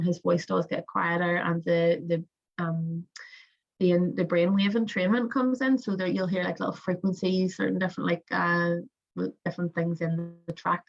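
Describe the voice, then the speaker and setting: A young woman, coaching breathwork in a casual, rambling way with many fillers and restarts. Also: fairly low pitch. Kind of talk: casual spoken instruction. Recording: muffled lo-fi audio.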